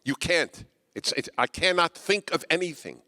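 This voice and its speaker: A man giving a speech to a live audience, emphatic and combative with a wry edge, his voice swinging between quiet asides and loud, pointed lines. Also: on the high side, lively intonation, moderate pace. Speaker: guest speaker. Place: auditorium with an audience. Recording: reverberant hall.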